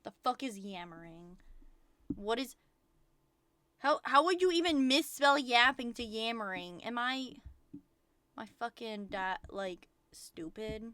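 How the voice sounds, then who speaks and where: Brief: woman streamer, fairly high voice, excitable rambling chat, dry close mic. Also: takes it slowly, long pauses, smooth, dry recording. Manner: excitable, rambling, frequent swearing. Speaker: VTuber streamer. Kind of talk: casual livestream chat.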